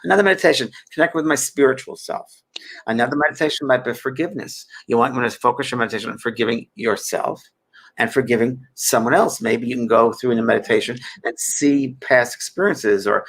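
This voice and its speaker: A middle-aged man teaching meditation in an earnest, loosely rambling chat. His voice is bright and forceful, and he often restarts and repeats words. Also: medium pitch. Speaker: spiritual teacher and host.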